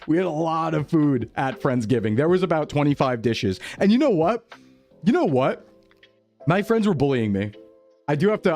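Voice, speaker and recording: A man's voice: a little high, a little mellow. A man chatting casually on a live stream, upbeat and talkative, greeting viewers by name.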